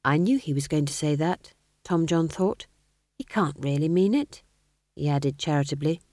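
A woman reading a novel aloud as narrator, with an expressive, wry storytelling manner. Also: deep voice, normal speed, no echo, studio quality. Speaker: audiobook narrator. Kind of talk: scripted narration.

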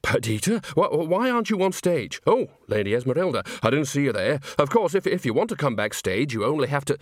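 A man's voice: fairly high pitch, sing-song, fairly quick, no room sound, studio quality. A man doing a stammering, fussy theatre owner. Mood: rambling. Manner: stammering, flustered, rambling. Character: nervous, fussy middle-aged male theatre owner.

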